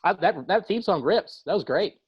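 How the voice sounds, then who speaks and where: A man appearing as a guest comedian on a podcast, firing off quick, deadpan one-liners. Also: sits high, slightly rough, lo-fi sound.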